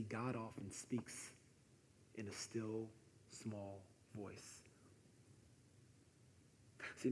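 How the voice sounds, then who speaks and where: A man preaching a sermon, animated and conversational, often dropping to softer tones for emphasis. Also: lowish voice. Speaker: pastor. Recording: echoey hall with faint noise.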